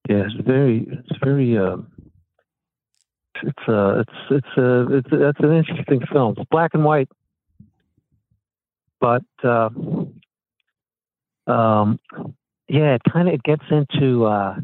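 A man calling in as a guest, speaking haltingly with many restarts. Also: medium pitch, no room sound. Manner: halting, full of restarts and fillers. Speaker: guest on the phone. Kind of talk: casual interview. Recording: tinny phone line.

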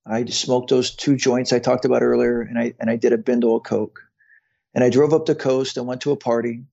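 A man's voice: mid-range voice, level tone, brisk, gravelly, mellow, lo-fi sound. A man in his fifties, a podcast guest, earnestly telling his own story and often repeating words as he goes. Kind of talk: personal storytelling in conversation.

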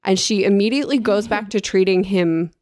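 A woman's voice: medium pitch, brisk, darkish tone, no room sound, studio quality. A woman co-hosting a casual chat, playful and emphatic, holding her ground in debate.

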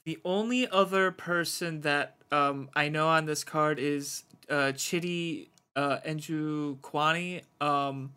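A man co-hosting a casual sports betting chat, talking in quick asides. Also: a little high, fairly even intonation, pushed and bright, clean tone. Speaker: co-host.

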